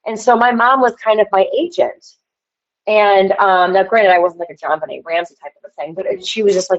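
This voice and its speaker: Speaking a little fast in a mid-range voice, a woman guest on a livestream launches into a rambling, casual rant and talks directly to the chat. The audio comes across dull.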